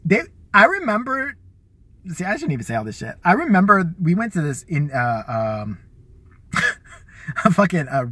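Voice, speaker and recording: A man's voice: sits high, big pitch swings, normal speed, pauses often, pushed and bright, breathy edge, no echo. A man from the Chicago area hosting a live show, telling crude, rambling stories about his school days and laughing often. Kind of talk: casual profane storytelling.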